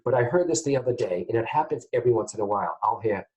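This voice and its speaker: Animated man teaching to camera. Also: mid-range voice, racing, poor audio. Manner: animated, keeps checking in with "guys, okay?". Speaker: psychic medium teaching students.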